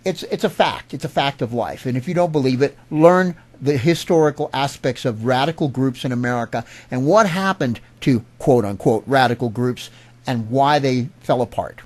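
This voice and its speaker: A man's voice: mid-range voice, moderate pace, darkish tone. A middle-aged man delivering an angry political rant, indignant and emphatic, often restarting his words. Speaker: political commentator.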